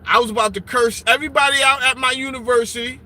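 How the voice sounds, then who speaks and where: A man hosting a live stream from his car, ranting loudly with constant swearing and jokes. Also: extremely high pitch, steady tone, fast. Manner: loud, swearing, joking rants with bursts of laughter. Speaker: livestream host. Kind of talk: profane live-stream rant. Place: sitting alone in his car.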